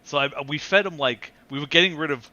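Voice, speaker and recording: A man's voice: a little high, brisk, pushed and bright, highs cut off. A man hosting a casual podcast chat, joking and laughing often. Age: adult with a wife. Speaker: podcast host.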